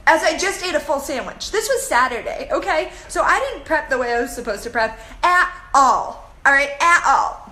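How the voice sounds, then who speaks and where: Bubbly high-voiced woman on a live video. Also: normal speed, hardly any pauses. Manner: bubbly, animated storytelling, reads comments aloud. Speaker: coach hosting a live video. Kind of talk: live-stream chat to viewers. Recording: echoey room with faint background noise.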